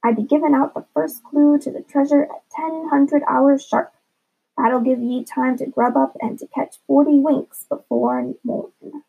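Woman plays a scheming pirate captain in a storybook reading, jolly and drawling, high and gravelly, dull recording. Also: fairly even intonation, mellow, exaggerated voice. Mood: swaggering. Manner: pirate talk, slow drawl. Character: jolly scheming grown man pirate, gruff.

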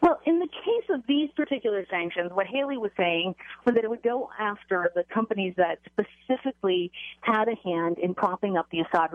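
A woman's voice: mid-range voice, no echo. Woman correspondent on a tinny phone line. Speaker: news correspondent. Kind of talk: news report over the phone.

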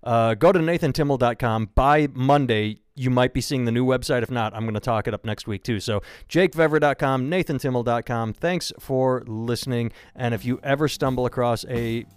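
A man's voice: medium pitch, normal speed, few pauses, clean tone, dry recording. A man hosting a podcast, chatty and profane as he recaps a story and closes the show. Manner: profane, chatty, plugs websites. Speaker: podcast host. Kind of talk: casual podcast chat.

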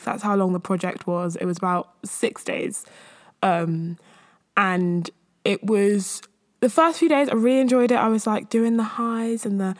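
A woman, hosting a podcast and rambling casually about her week, a bit out of breath. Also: mid-range voice. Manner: rambling and chatty, with frequent fillers and laughs. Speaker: podcast host. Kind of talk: casual solo chat.

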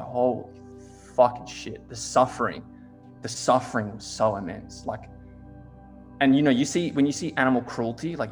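A young man talking in an easy, casual chat. He tells his stories animatedly, leans on "like" constantly and swears freely. Faint music sits under his voice. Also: mid-range voice. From Australia. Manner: swears a lot, heavy use of "like", animated storytelling.

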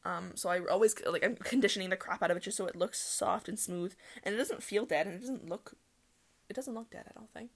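A woman's voice: medium pitch, brisk, creaky. A young woman hosting her own solo podcast, chatting in a rambling way full of ums and restarts. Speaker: podcast host. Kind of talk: casual solo podcast chat.

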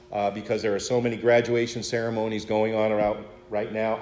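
A man in his sixties, a pastor, preaching a sermon with expressive storytelling, rhetorical questions and wry humor. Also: mid-range voice, roomy sound. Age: 60s.

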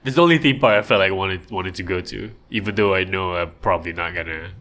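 A young man talks casually with a friend, his voice bright and forceful. He tells stories animatedly, often laughing. It sounds like a relaxed podcast conversation. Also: fast. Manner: animated storyteller who acts out quotes in high voices and laughs often. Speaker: podcast co-host. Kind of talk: casual chat.

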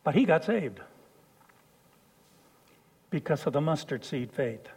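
Male preacher, higher voice, slow unhurried delivery, animated storytelling sermon. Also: breathy edge. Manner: animated, swings from hushed to shouting.

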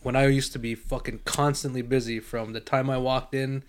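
A man with a middle-pitched voice rambles through stories on a podcast. He drifts on fillers, swears often and keeps talking in long loose runs. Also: little pitch movement, moderate pace. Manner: rambling, profane, full of fillers. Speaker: podcast co-host. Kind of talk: casual chat.

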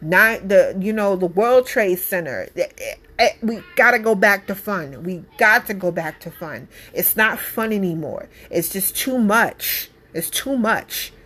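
A woman's voice: medium pitch, lively intonation, unhurried, fairly bright tone, breathy edge. A woman, a mother, giving her opinion in a casual monologue, emphatic and blunt, repeating her points with passion. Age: adult parent.

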